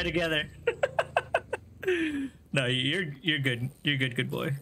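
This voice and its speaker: A slow-speaking man with a medium-pitched voice and vocal fry chats his way through a live video game stream. He jokes and swears a lot, laughs often and ribs his chat.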